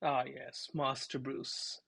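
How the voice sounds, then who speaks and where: A man voicing a thin, frail, elderly butler who speaks with stiff formal politeness, softly and low in his husky voice. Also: flat delivery, slow pace, no room sound, heavily acted. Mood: somber. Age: older.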